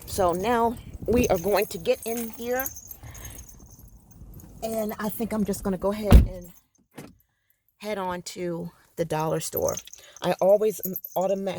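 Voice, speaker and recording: Vlogging from her parked car, a woman sounds tired and ready for bed as she rambles casually. Her crackly voice sits on the low side, a little mellow, with vocal fry.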